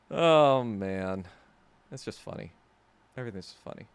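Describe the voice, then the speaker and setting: A man's voice: mid-range voice, lively intonation, takes it slowly, clear, resonant tone, no room sound. A man hosting a podcast, telling a story in a heated, profane, sarcastic rant. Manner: sarcastic, laughing at himself. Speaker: podcast host. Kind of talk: casual rant.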